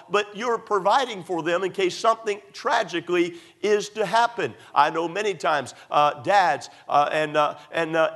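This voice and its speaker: A man's voice: high voice, fairly bright tone. A middle-aged man, a pastor, preaching a sermon emphatically, repeating points and using many fillers.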